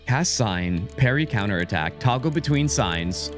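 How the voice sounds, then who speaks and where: A man's voice: lowish voice, expressive, unhurried. An American man talks his way through a game stream in a loose, rambling style, reading out menus as he goes. His voice swings up and down a lot. Game music sits faintly behind him. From United States. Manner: rambling, chatty, reads menus aloud. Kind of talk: casual gameplay commentary.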